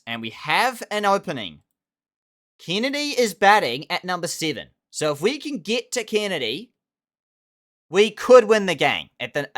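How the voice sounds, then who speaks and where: Excitable man commentating a game. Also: a little high. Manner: excitable, animated play-by-play with outbursts of indignation. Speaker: gaming channel host. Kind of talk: commentary over a cricket management game.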